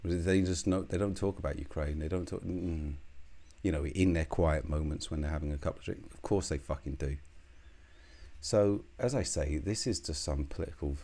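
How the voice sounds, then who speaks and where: A man's voice: extremely low pitch, moderate pace, mellow. A British man giving a solo political commentary, scornful and heated, swearing often.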